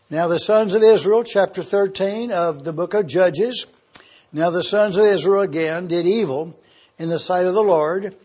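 A man teaching a Bible study, slow and deliberate, repeating key words for emphasis. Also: sits high, darkish tone. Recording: dull lo-fi sound.

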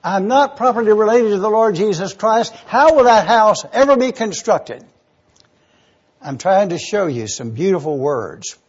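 A man's voice: high-pitched, lively intonation, unhurried, slightly rough, dull audio. A man preaching a sermon, eagerly teaching word meanings and spelling terms out letter by letter. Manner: enthusiastic teaching.

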